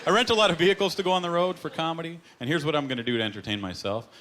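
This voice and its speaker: A man's voice: fairly high pitch, racing. A man doing a stand-up comedy set on stage, telling stories with punchlines and putting on voices for the people he quotes. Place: comedy club stage with live audience. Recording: live stage recording with loud audience laughter. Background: audience laughter and clapping.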